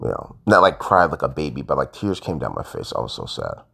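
A man's voice: wildly swooping pitch, a little fast, vocal fry, husky. Frustrated man ranting about sports. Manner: frustrated, ranting, swings between loud outbursts and low mutters. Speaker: sports fan vlogger. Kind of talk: casual sports rant.

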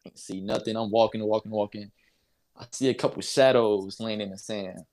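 A young man with a low-pitched voice tells a story as a guest in an interview. He talks casually and with energy, laughs along the way and acts out the other people's lines. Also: normal speed. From North Carolina. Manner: animated, laughs while telling, acts out voices. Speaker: interview guest, basketball player.

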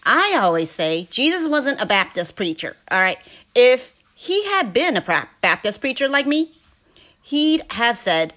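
Woman, slow conversational reader of a devotional book, with an animated, lilting delivery. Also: on the high side. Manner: conversational reading with pauses. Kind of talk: reading a devotional book aloud.

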